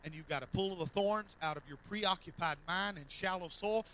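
A man preaches from a church platform, his voice bright and forceful and pitched a bit high. He builds to fervent loud calls, then drops soft and repeats his lines. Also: moderate pace, a little hiss or hum, rough recording. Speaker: pastor. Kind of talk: sermon. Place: church sanctuary.

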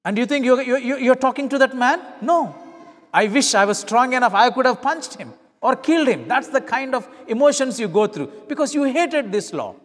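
High-voiced male preacher in a reverberant hall. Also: lively intonation, normal speed, a bit bright. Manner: storytelling, acting out dialogue in shifting voices. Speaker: pastor. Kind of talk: sermon. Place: church.

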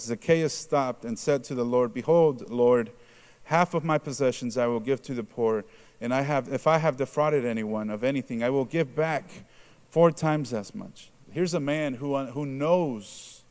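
A man preaching a sermon in a conversational way, asking the congregation questions and adding "right?" to his points. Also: darkish tone. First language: Spanish. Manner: acts out quoted reactions in a lowered voice.

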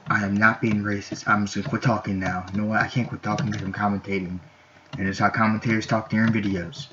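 A man's voice: lowish voice, flat delivery, quick pace, bright, forceful tone. A young man giving goofy, rambling, self-mocking commentary while playing a game, recorded at home on a desktop mic. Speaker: gameplay commentator. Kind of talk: casual gameplay commentary. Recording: dull lo-fi home recording with faint noise.

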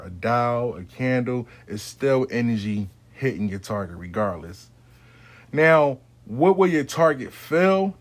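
Profane, rambling man giving advice. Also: medium pitch. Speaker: spiritual adviser to clients. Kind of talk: casual advice monologue.

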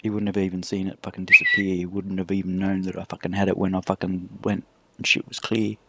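A man's voice: sits low, huge pitch swings, quick pace, a bit bright, a little hiss or hum. A man telling a story in casual chat, swearing heavily. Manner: heavy swearing, boastful storytelling.

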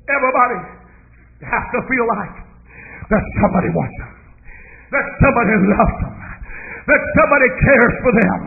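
A male minister preaching a fiery holiness sermon to a church congregation. He speaks in a rhythmic, chanting cadence with shouted cries and whoops, then drops to low murmurs between the shouted runs. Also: animated, normal speed, gravelly, pauses often. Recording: tinny phone-like sound with faint noise.

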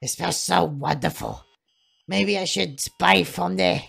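A woman's voice: fairly low pitch, unhurried, vocal fry, a bit bright, slightly rough, heavily acted. A woman voicing a frail, confused elderly mother in a horror game, in a quavering, fretful old-lady voice. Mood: doting.

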